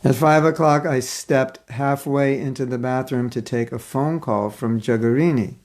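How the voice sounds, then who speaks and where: Gravelly, earnest male spiritual teacher. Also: mid-range voice. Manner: earnest, expressive storytelling with pauses. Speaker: spiritual teacher giving a class. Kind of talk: devotional class, reading aloud and commenting on a story.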